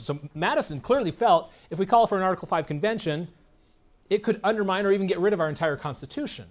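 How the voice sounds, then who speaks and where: A man's voice: high-pitched, fast talker. A man giving a political keynote speech, combative and sarcastic, putting questions to the audience. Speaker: keynote speaker. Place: convention meeting room.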